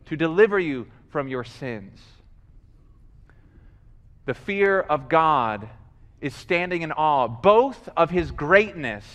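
A man's voice: fairly high pitch, fairly bright tone, long reverb tail. A male pastor preaching a sermon, telling stories animatedly, acting out scenes and calling for responses from the congregation.

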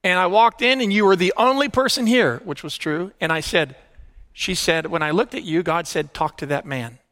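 A middle-aged man preaching by telling his own testimony, earnest and hushed at tender moments, rising with excitement. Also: high-pitched, normal speed. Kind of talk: sermon storytelling.

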